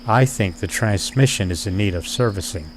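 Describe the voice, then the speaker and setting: A man with a lowish voice talks in a measured, deliberate way, with dry wit. It sounds like a personal video diary. Crickets and insects chirp faintly behind him. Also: a little hiss or hum. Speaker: vlogger.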